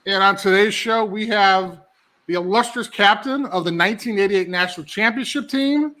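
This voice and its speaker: A man's voice: high voice, moderate pace, bright, forceful tone. A man hosting his own podcast, chatting in an upbeat, friendly, slangy way with a guest. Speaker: podcast host. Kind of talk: casual interview chat.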